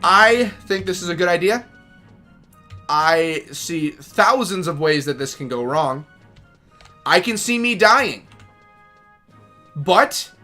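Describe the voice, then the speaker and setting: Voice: medium pitch, bright, forceful tone. Rambling gamer commentating. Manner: rambling, joking, self-deprecating. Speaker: gaming streamer. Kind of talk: casual gameplay commentary.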